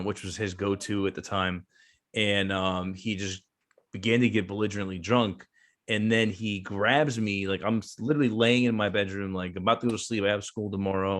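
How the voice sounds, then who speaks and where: A man's voice: lowish voice, a bit bright. A man around thirty, a veteran business owner, telling a long casual story as a guest, with lots of fillers and restarts. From New Jersey.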